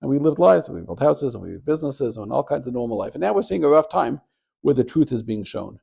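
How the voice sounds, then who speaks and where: A man, a rabbi and Torah teacher, giving a short Torah talk as an animated storyteller. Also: quick pace, gravelly, slightly rough. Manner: animated storyteller, gets louder and higher at the story's peak.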